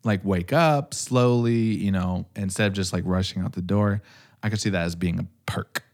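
A man's voice: deep voice, normal speed, darkish tone. A young man casually chatting as a podcast co-host, rambling with lots of fillers and frequent laughs. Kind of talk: casual chat.

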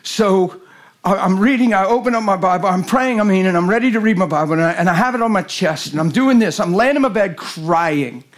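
A man, preaching as a guest speaker in a folksy storytelling way that rises to shouted emphasis. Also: high-pitched, fairly quick. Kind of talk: sermon.

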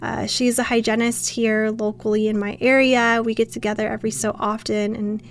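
A woman's voice: fairly high pitch, little pitch movement, moderate pace. A young woman hosting a casual podcast, chatty and bubbly, laughing often as she talks. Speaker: podcast host.

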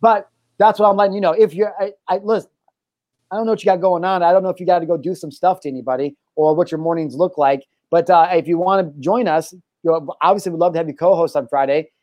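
Joking, animated male podcast host. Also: sits high, fast talker, no echo, highs cut off. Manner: joking, animated, swears freely. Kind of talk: casual chat.

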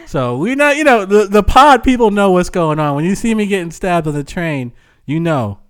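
A man co-hosting a casual chat podcast, an animated storyteller who uses slang and laughs often. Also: sits high, moderate pace, clean tone. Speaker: podcast co-host.

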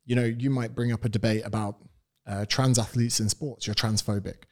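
A man's voice: on the low side, steady tone, brisk. A man from England, a personal trainer guesting on a podcast, talking bluntly and with strong opinions. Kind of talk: casual interview chat.

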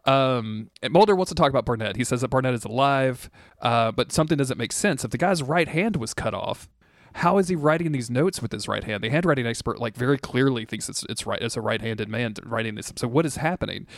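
A man's voice: medium pitch, lively intonation, brisk, dry recording, clean studio sound. A young adult man co-hosting a podcast, recapping a TV episode in rambling casual chat, laughing and swearing freely. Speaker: podcast co-host.

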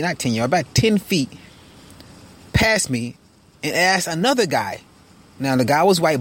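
A man with a slightly raised voice tells a personal story in a loose, casual monologue. His delivery is frank and animated, and he swears freely. He is recording from inside a car. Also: a little high. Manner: frank, profane, animated retelling. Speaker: podcast host.

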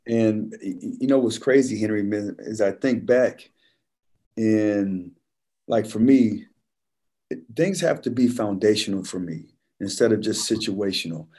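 A laid-back man talks in an easy conversational flow, constantly dropping "man" into his stories. His voice is mellow and a little husky, sitting at a middle pitch. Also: measured pace. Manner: relaxed storyteller, says "man" constantly. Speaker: podcast guest, former football player. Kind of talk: casual conversation, storytelling.

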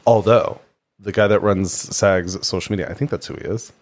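A young man co-hosting a podcast, telling stories in a lively, animated way and laughing often. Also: low-pitched, normal speed. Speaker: podcast co-host. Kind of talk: casual chat.

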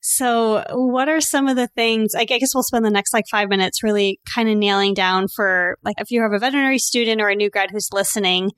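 A woman hosting a veterinary podcast, enthusiastic and speeding up as she gets excited. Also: mid-range voice, brisk, hardly any pauses, smooth, no room sound, clean studio sound. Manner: enthusiastic, speeds up when excited, many "like" fillers. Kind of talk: casual podcast interview.

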